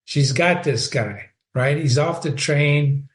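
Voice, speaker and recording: A man talks through a short story in a relaxed lesson, pausing often and asking his listeners one question after another. His voice sits a little high for a man, and his delivery is unhurried and deliberate. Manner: slow, questioning, animated with rhetorical questions. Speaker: literature teacher. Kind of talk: casual spoken literary analysis.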